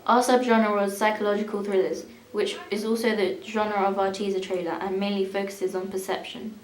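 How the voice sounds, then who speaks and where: A young woman reading a school media evaluation aloud in a steady, even way. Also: mid-range voice, normal speed, reverberant, slight background noise, rough recording. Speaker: student presenter.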